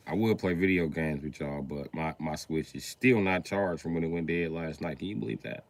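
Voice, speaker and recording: A man hosting a livestream, riffing in an animated, profane comedic rant with sudden jumps in pitch. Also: normal speed, hardly any pauses. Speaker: livestream host.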